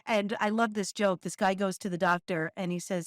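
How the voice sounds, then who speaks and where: A middle-aged woman co-hosting a podcast, animated and candid, with laughter and the odd swear word mixed into her stories. Her voice sits at a plain middle pitch. The recording is close and dry. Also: moderate pace, dry recording. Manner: lively, candid, laughs often, swears casually. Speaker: podcast co-host. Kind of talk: casual conversational storytelling.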